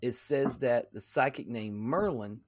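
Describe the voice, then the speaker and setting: A man hosting a podcast, reading a text aloud in a halting way, with fillers and stumbles. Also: mid-range voice, no echo. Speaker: podcast host.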